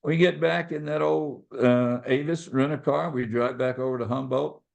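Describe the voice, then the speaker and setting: A man's voice: mid-range voice, normal speed, creaky. A man who is a podcast guest and author, telling a personal story and acting out the other people in it. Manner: animated storyteller, acts out voices.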